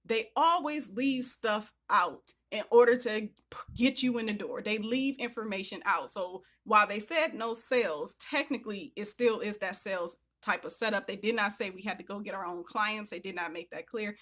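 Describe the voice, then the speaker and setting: Bright-voiced woman telling her story. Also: mid-range voice, normal speed. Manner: chatty, animated retelling with acted-out quotes. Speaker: vlogger. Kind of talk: casual storytelling to camera.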